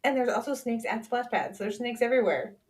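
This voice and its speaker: Charli's sister, in her thirties, guests on a podcast with a fairly high, animated voice and fairly quick delivery. In this casual storytelling chat, she recounts family tales and mimics people with little voices.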